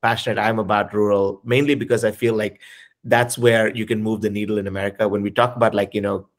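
A man's voice: fairly low pitch, level tone, fast. Enthusiastic male podcast host. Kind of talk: casual interview chat.

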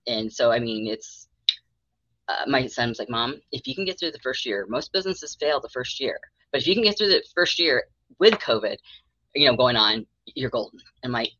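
A woman's voice: very deep voice, lively intonation, moderate pace, fairly bright tone, no echo. A middle-aged woman therapist telling her story in a casual interview, acting out the voices of people she quotes. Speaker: mental health therapist, guest. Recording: dull lo-fi dry sound.

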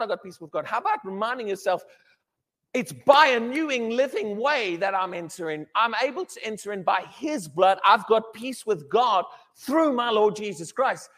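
A man preaching a sermon, emphatic and animated, often restarting his words as he builds a point. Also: high voice, normal speed, long reverb tail.

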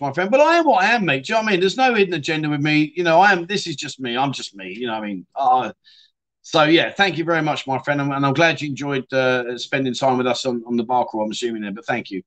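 A man's voice: fairly high pitch, expressive, fast talker, a bit bright. A man hosting a casual livestream, reading out viewer comments and chatting back with frequent "mate" and the odd swear word. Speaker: livestream host.

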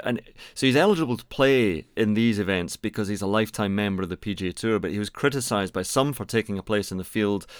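A man co-hosts a casual chat with a fairly low voice. He talks in a relaxed way and chuckles now and then. The sound is close and dry. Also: clear, resonant tone, no echo. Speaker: podcast co-host.

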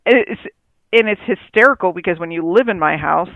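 A woman's voice: on the low side, lively intonation, fairly quick, dry recording, phone-quality sound. A woman co-hosting a casual chat about dog training, rambling and acting out her dogs' thoughts in little quoted voices.

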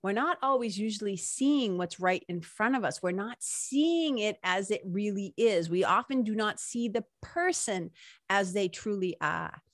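A woman's voice: medium pitch, measured pace, dry recording. Chatty woman with a dry close sound. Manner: chatty, animated, lots of "like" and "right?". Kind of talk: casual spiritual talk.

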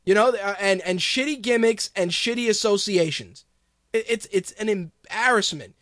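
High-voiced guy ranting on his podcast, swearing a lot, sarcastic, dry close mic. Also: normal speed, a bit bright, dry recording. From Hispanic background. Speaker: podcast host. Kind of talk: ranting casual commentary.

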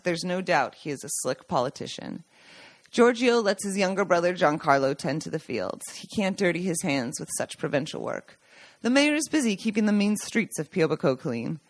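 Lady reading her own book out loud, lowish voice, warm storytelling, little slips n restarts. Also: dry recording. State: choked up at times. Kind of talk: reading a memoir aloud.

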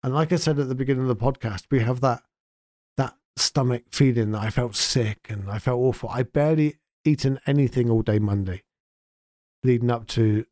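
A man's voice: medium pitch, darkish tone, no room sound, clean studio sound. A man hosting his own podcast, talking in an earnest, heartfelt and sometimes emotional way. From England. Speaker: podcast host and town mayor. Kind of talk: casual spoken podcast update.

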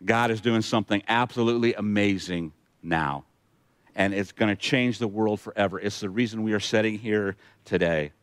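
A man's voice: fairly low pitch, normal speed, clean tone, no echo. A male pastor preaching a sermon, retelling scripture with emphatic asides to the congregation.

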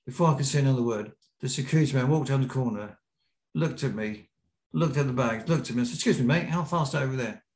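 A man's voice: mid-range voice, fast talker. British man telling a wild story, roomy. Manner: lively anecdote teller, acting out quotes. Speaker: podcast guest, BASE jumper. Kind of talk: storytelling in an interview. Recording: roomy echo.

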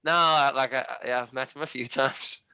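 A man's voice: medium pitch, fairly even intonation, moderate pace, sharp tone, clear, resonant tone, dry recording. A man with a Liverpool accent, a podcast co-host bantering playfully. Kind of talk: casual chat.

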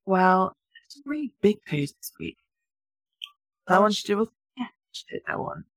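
A woman's voice: medium pitch, wildly swooping pitch, unhurried, dry recording. A woman co-hosting a podcast, a new mother chatting casually and laughing at her own stories. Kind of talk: casual chat.

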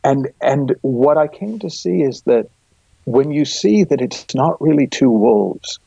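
A man's voice: medium pitch, animated, measured pace, gravelly, mellow, husky, dry recording. A middle-aged man, a guest and coach, thoughtfully explaining ideas with vivid images in a reflective conversation, recorded with dull, lo-fi sound.

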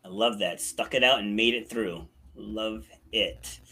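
A man's voice: lowish voice, unhurried. Chatty man in his forties hosting. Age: 40s. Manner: relaxed, chatty, laughs easily, many "like" fillers. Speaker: podcast host. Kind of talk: casual interview chat.

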